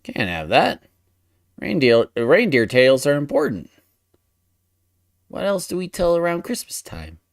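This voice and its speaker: A man's voice: a little high, wildly swooping pitch, a little slow, gravelly, pauses often, no echo, clean studio sound. A man streaming as he draws, chatting casually and thinking aloud, often muttering to himself in a playful way. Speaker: streamer drawing live. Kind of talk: casual chat while drawing.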